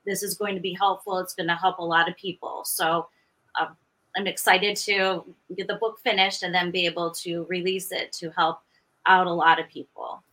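A woman in her fifties, a veteran teacher and podcast guest, telling her story in an earnest, steady way. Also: on the low side, normal speed, low-quality recording. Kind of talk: casual interview talk.

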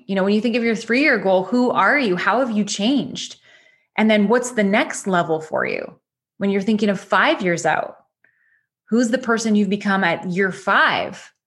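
A woman's voice: mid-range voice, fairly bright tone. A woman coach leading a goal-setting lesson, talking directly and encouragingly with many rhetorical questions.

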